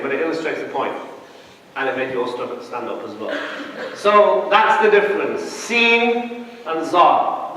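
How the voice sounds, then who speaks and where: A man, an imam, giving a lively public talk and speaking straight to his live audience. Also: a little high, a little hiss or hum. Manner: animated, addresses the audience directly. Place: large hall. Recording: echoey hall, mic from far off.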